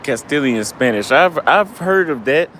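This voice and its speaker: Out on a city street at night, a travel vlogger talks into a handheld camera in a fairly high, expressive, somewhat bright voice at a moderate pace, with slight background noise. He's a bit drunk and winded, and his casual monologue wanders, swears freely, and frequently trails off before a thought is finished.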